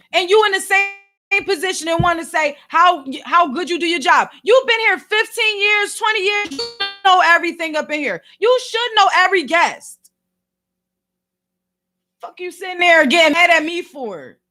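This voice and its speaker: A woman with a Philadelphia accent delivering an exasperated, animated rant as a vlog host, heavy on slang. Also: extremely high pitch, normal speed. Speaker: vlogger and podcast host. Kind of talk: ranting commentary.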